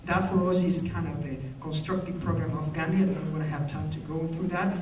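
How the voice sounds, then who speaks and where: A man's voice: fairly high pitch, fairly even intonation, fast talker, a little mellow. A man giving a passionate, storytelling speech at a conference. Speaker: conference speaker. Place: conference hall. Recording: echoey hall, mic from far off.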